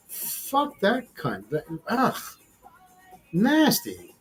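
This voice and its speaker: A man hosting a casual livestream chat, crude and profane, rambling with many restarts. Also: on the high side. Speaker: livestream host.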